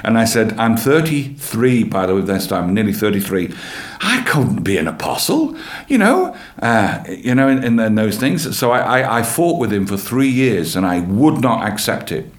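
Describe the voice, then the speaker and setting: A man, a church leader giving an earnest, animated personal testimony in an interview, often repeating his phrases. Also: on the low side. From England. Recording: roomy echo.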